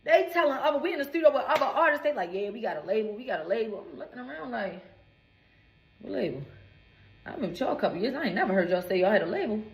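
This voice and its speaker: A woman's voice: on the high side, very animated, racing, few pauses, roomy sound, a little hiss or hum. A woman in her twenties, a recording artist, telling a storytime rant in an indignant, profane, emphatic way.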